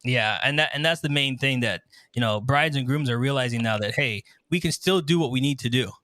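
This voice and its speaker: A man guest who works as a wedding MC and DJ, chatting animatedly in an interview, a bit hoarse from earlier yelling, acting out his own stories and laughing often. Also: mid-range voice, a little fast, dry recording. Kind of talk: enthusiastic interview chat.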